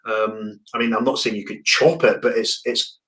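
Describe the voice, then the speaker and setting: Relaxed man leading a tasting. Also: lowish voice, moderate pace. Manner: relaxed, chatty, hesitant with repeated words. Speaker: whisky distillery representative hosting a tasting. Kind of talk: online tasting presentation. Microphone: video call.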